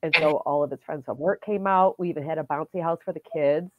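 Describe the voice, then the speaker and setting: A woman's voice: low voice, fast, narrow, tinny audio, background noise. A woman client giving plain, explanatory answers in casual conversation.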